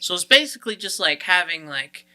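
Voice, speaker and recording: A man's voice: sits high, very animated, brisk, pushed and bright. A man co-hosting a casual podcast, joking loosely, swearing and laughing often, with plenty of filler words. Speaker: podcast co-host.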